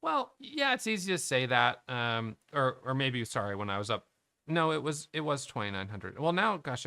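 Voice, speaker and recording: A man's voice: mid-range voice, gravelly, bright, forceful tone, clean tone, no echo. A middle-aged man, a day trading educator, candidly thinking aloud about his trades, questioning himself and restarting sentences. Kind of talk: reflective trading recap to camera.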